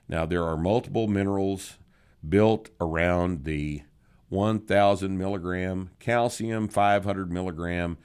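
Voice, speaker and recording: Older guy w a really low voice, blunt and sarcastic, casual podcast chat. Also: clean tone. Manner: blunt, profane and sardonic. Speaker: podcast host answering listener questions.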